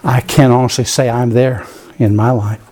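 A man preaching in a church, telling a personal story with lots of repeated words and big swings in pitch for emphasis. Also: fairly even intonation, normal speed, dark tone, slightly rough. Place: church room with a piano.

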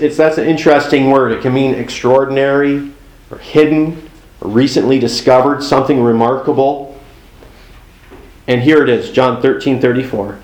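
A man's voice: mid-range voice, a little mellow, reverberant, poor audio. A man preaching a sermon in a conversational way, with folksy asides and acted-out exchanges. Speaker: pastor.

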